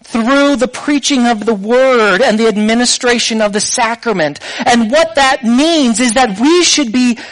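A man's voice: very high-pitched, a bit bright, no echo, poor audio. A man preaching a sermon in a conversational way, putting rhetorical questions to his listeners.

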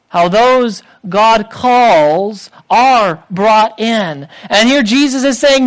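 A man's voice: very high-pitched, fairly bright tone, low-quality recording. A man preaching a sermon, explaining scripture, often restarting and repeating words. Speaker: pastor. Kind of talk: sermon teaching.

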